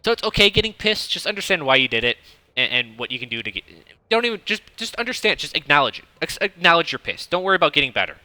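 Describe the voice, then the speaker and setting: Bright, blunt man in his thirties. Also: on the high side, fast, no echo. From United States (Detroit). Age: 30s. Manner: profane, rambling, blunt advice; self-described monotone delivery. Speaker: streamer coaching a viewer. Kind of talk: casual coaching commentary.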